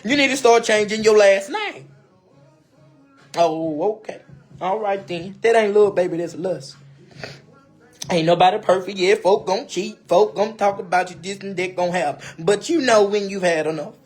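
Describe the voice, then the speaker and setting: A woman's voice: medium pitch, moderate pace, a little mellow, husky, faint music behind. A woman in a casual live-stream monologue, speaking straight to her viewers with emphatic, preachy advice, repeating phrases and calling them "baby". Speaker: livestreamer.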